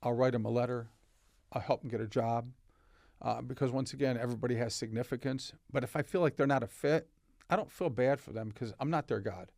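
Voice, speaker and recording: A man's voice: mid-range voice, steady tone, a little fast, creaky, a little mellow, dry recording, clean studio sound. An older man, a company founder, telling stories in a casual podcast interview and acting out the dialogue. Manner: anecdotal, acts out dialogue in stories. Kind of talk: casual storytelling. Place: podcast studio.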